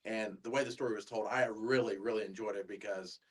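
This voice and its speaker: A man with a Southern American accent hosting a casual podcast interview, enthusiastic and animated as he tells stories. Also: lowish voice, quick pace, husky, distant mic. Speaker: podcast host.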